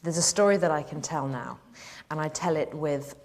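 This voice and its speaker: An actress telling a talk show anecdote as an animated storyteller who keeps laughing through it. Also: female voice, deep voice, moderate pace. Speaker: actress guest.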